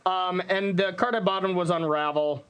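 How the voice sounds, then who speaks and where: Chatty high-voiced North Dakotan man. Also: steady tone, normal speed, a bit bright, clear, resonant tone, highs cut off. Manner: chatty, joking, tells anecdotes. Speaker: commentator. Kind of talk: casual live-stream chat.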